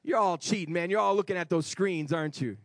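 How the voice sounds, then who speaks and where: A male preacher delivering an emphatic sermon to a congregation, shifting between shouts and quiet asides. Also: high-pitched, fast, no echo, studio quality. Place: church before a congregation.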